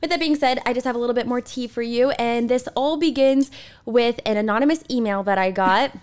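A woman's voice: fairly high pitch, fairly quick, a little mellow, clear, resonant tone. A young woman co-hosting a podcast, chatting in a bubbly, gossipy way with frequent giggles. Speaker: podcast co-host. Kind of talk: casual chat.

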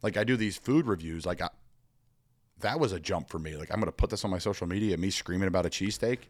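A young adult man, a pro football player, telling stories as a guest in an energetic, rambling way and acting out the voices he quotes. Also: sits low, quick pace, dry recording, clean studio sound. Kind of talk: animated storytelling conversation.

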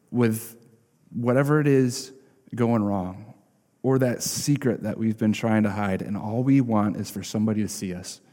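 Guy pastor preaching a sermon, dark mellow voice, chatty, keeps saying right?, long echo like a big church hall. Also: mid-range voice. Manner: conversational, keeps asking "right?".

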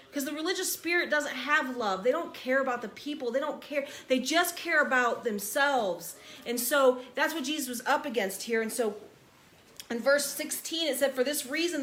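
A woman's voice: high-pitched, a bit bright. A woman teaching a verse-by-verse Bible study in an emphatic, conversational preaching manner, asking her listeners to picture the scene.

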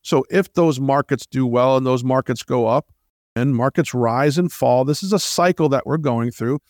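A man's voice: medium pitch, normal speed, a little mellow, dry recording, studio quality. Emphatic man hosting a retirement talk show. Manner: emphatic, with rhetorical questions and direct asides to listeners. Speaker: retirement planning show host. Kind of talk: persuasive radio talk-show monologue.

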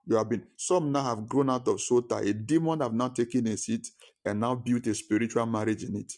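A man's voice: mid-range voice, brisk, a little mellow. Man preaching with emphatic repetition. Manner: emphatic, repeats key phrases. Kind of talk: sermon.

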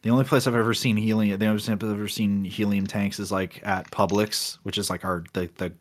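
A young man from Florida co-hosting a podcast in casual chat, excitable, with loud bursts of laughter and stumbling restarts. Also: fairly low pitch, brisk. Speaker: podcast co-host. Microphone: home computer mic on a call.

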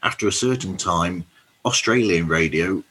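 Low husky man chatting. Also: normal speed, pushed and bright, rough recording. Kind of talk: casual chat.

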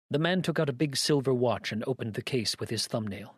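A man narrating a story aloud in a steady storytelling manner, close to the microphone. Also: medium pitch, fairly quick, slightly rough, dry recording. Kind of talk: audiobook narration.

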